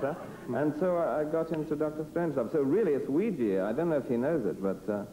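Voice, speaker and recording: A man's voice: a little high, animated, a little fast, mellow, roomy sound, low-quality recording. A man, an actor, answering interview questions in a rambling way, chuckling and breaking into small impressions. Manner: rambling, chuckling storyteller who slips into little voices. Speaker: actor interviewed about his roles. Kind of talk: interview anecdote.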